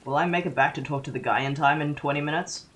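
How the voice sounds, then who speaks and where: A man's voice: a little high, fast talker, a bit bright. A man streaming a game, chatting casually and laughing while reading text aloud. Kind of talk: casual gameplay commentary.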